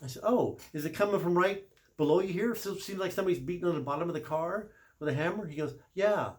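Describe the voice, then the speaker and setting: Chatty middle-aged man, slightly high voice. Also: quick pace, darkish tone. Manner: chatty, self-correcting, with small laughs. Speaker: service manager. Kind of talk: casual storytelling talk.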